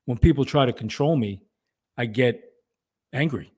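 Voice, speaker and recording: A man's voice: mid-range voice, normal speed, a little mellow, husky. A man co-hosting a fatherhood podcast, making his points emphatically in casual talk, swearing and asking "right?". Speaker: podcast co-host.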